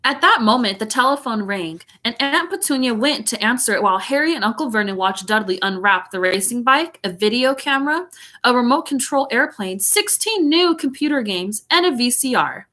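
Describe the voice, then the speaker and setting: A woman's voice: on the high side, lively intonation, moderate pace, sharp tone. A woman teacher reading a chapter book aloud, breaking off for chatty, giggly asides.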